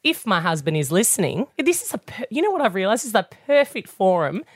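An Australian woman in her thirties co-hosts a radio show, her voice a little croaky from a cold. She tells stories with a lively, swooping melody in a dry, close studio sound. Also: medium pitch, brisk, dry recording. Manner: chatty, animated storytelling. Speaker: radio co-host. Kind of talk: casual radio banter. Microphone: studio microphone.

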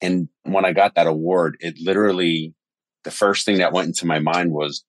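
Guy, deep voice, tells stories with energy, swears casually. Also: moderate pace, no room sound. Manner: animated storyteller, swears casually. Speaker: podcast guest. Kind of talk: casual conversation.

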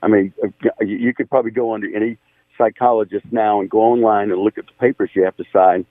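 Older male caller, indignant, repeats himself, low voice, tinny phone line. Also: fairly even intonation, fast, no room sound. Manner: indignant, stumbling, repetitive. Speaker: radio caller. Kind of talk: call-in on the phone.

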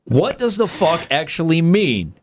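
A man's voice: fairly high pitch, sing-song, a little slow, no echo. Profane man reading odd news. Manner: reads news items aloud, profane, jokey. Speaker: podcast co-host. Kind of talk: casual comedic chat.

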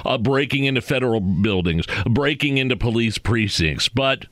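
A man at an ordinary medium pitch trades wry, sarcastic political commentary as a talk show co-host. The sound is close and dry with no room. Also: animated, normal speed, fairly bright tone, no room sound.

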